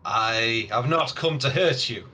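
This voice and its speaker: A man's voice: medium pitch, a little slow, pushed and bright. A man playing a bitter orc ambassador. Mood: grave.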